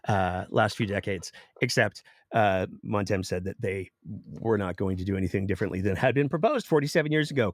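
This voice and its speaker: A man's voice: fairly low pitch, no room sound, clean studio sound. A man hosting a political commentary podcast, reading news excerpts aloud and adding sarcastic remarks. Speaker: podcast host.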